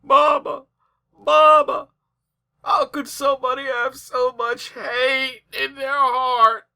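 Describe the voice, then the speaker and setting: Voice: high voice, little pitch movement, slow pace, gravelly, pushed and bright, voice pushed up, exaggerated voice. A host doing a mock-sobbing mother. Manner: sarcastic, exaggerated. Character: mocking imitation of a sobbing mother.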